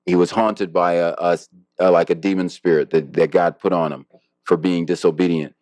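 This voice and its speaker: Low-voiced guy rambling thoughtfully, lots of ums, dry close sound. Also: fairly even intonation, normal speed, a little mellow, dry recording. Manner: rambling and reflective, many fillers and restarts. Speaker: harpist guest. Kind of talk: casual interview talk.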